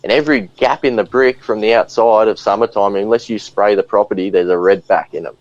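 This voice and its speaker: An Australian man chats as a podcast guest, laid-back and rambling, dropping "and that" at the end of his thoughts. His voice sits a little low. The sound is dull and lo-fi, as if it came through a remote call. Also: steady tone, a little fast, dry recording. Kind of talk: casual chat.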